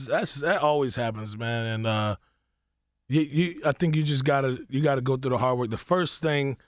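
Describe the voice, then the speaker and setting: A man's voice: fairly bright tone, no room sound, studio quality. A young man, a comedian guest, talking casually in a radio interview and telling stories with quoted voices. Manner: laid-back, storytelling, acts out quotes with rising pitch.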